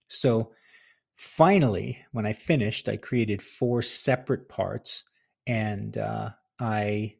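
Man, podcast host, husky voice, chatty, self-deprecating, home office, close mic. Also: fairly low pitch, darkish tone. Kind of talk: casual solo podcast talk.

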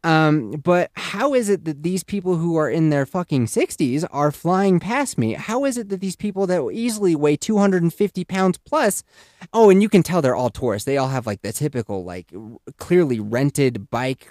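A young man telling a comedic story on a podcast, animated, swearing and laughing at his own story. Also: on the high side, no echo, studio quality. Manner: exaggerated voices for quoted people. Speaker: podcast host.

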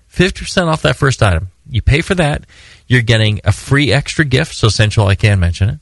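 Podcast host, gravelly man, loose and jokey, repeats himself. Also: medium pitch, animated, brisk, a bit bright, dry recording. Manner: rambling, joking, repeats himself. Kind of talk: casual podcast ad read.

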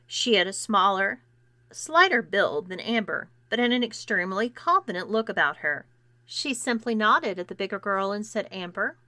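A woman narrating a first-person story in an expressive, animated reading. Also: mid-range voice, normal speed, no room sound.

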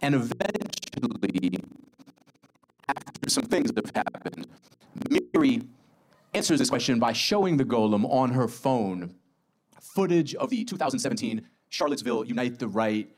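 A male author in a casual book talk. He summarizes his novel in a lively, self-deprecating way. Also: medium pitch, normal speed.

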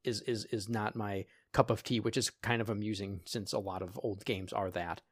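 A man's voice: fairly low pitch, flat delivery, normal speed. A man co-hosting a casual retro gaming podcast who laughs often and repeats words as he talks. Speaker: podcast co-host. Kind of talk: casual chat about retro games.

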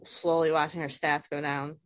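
Woman, low voice, dry close sound, frank and emotional, casual swearing, video call. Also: flat delivery, moderate pace, no room sound. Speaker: guest. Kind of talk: candid personal conversation.

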